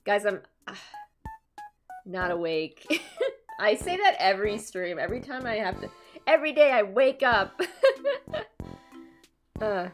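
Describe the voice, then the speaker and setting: A young streamer from Canada talks at a slow, relaxed pace while she answers her chat. She laughs often, and her voice sits at a middle pitch. Faint game music plays underneath. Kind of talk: casual live-stream chat.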